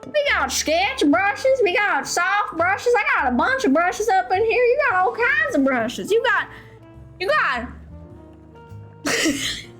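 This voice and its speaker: A folksy painter with a put-on Southern U.S. drawl, as a woman plays him. The voice sits high and keeps dropping little words in a homespun way. Faint music plays in the background. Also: sing-song, slow pace, pauses often, fairly bright tone, exaggerated voice. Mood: excited.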